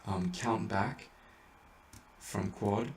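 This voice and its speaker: A man teaching how to sing Latin chant tones, talking casually with halting explanations, many fillers and restarts. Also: lowish voice, recorded from a distance. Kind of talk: informal spoken lesson with sung examples. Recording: echoey room, voice a bit off-mic, faint background noise.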